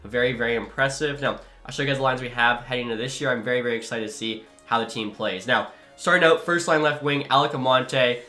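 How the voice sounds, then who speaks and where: A man's voice: mid-range voice, sharp tone, faint music behind. A young man giving upbeat, chatty commentary over a hockey video game. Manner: upbeat, quick, chatty with filler. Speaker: gaming YouTuber.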